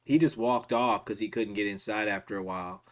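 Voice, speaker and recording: A man's voice: fairly low pitch, steady tone, brisk, a bit bright. A man streaming, telling a long personal story in a casual, rambling way with slang and frequent restarts.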